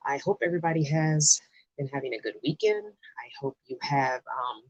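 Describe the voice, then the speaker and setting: A woman's voice: rumbling low, moderate pace, no room sound. A woman hosting a casual live-stream chat, chatty and laughing often as she greets viewers by name, her voice groggy with a scratchy morning throat. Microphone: headset.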